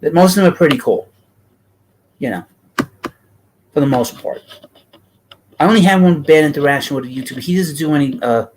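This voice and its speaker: A man's voice: on the high side, brisk, long pauses, darkish tone, a little hiss or hum, rough recording. Blunt New York man hosting a stream. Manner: blunt, rambling, talks to chat. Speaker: baseball livestream host. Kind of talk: casual livestream chat.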